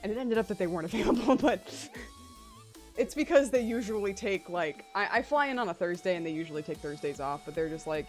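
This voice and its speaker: A woman's voice: lowish voice, animated, fast talker, soft background music. A young adult woman chatting casually on a livestream while drawing, swearing freely and laughing often. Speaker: streamer drawing a webcomic.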